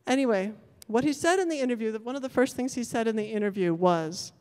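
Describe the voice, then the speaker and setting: A woman's voice: fairly high pitch, fast, few pauses, darkish tone, smooth. A woman giving a conference talk, thoughtful and often correcting herself as she goes. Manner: thoughtful, self-correcting, apologetic about technical glitches. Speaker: conference speaker. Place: large lecture hall. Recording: long hall reverb.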